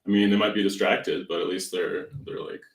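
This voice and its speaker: A man with a fairly low voice thinks aloud about ideas in a relaxed podcast chat. He sits a little back from the mic, and his voice carries an echo from the room. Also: brisk, distant mic. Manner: thoughtful, philosophical, challenging ideas. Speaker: podcast co-host. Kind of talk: casual chat.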